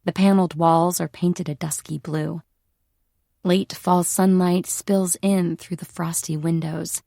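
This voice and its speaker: A woman's voice: on the low side, level tone, a little slow, gravelly, warm tone, no room sound, studio quality. A woman narrating a first-person audiobook in a wry, dryly humorous manner.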